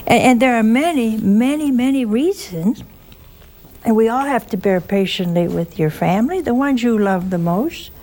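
Nun preaching: a woman, slow and deliberate, emphatic, folksy asides and rhetorical questions. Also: a little high, lively intonation, darkish tone. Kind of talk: storytelling sermon.

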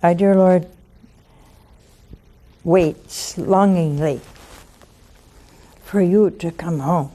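A woman's voice: on the low side, very slow, long pauses, mellow. A woman hosting a religious call-in show, preaching devotionally and coaxing listeners with intimate questions.

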